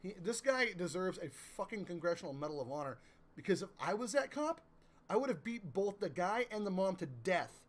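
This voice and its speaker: A man co-hosting a live-streamed chat show, telling a story as a profane, animated rant. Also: high voice, moderate pace. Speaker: podcast co-host.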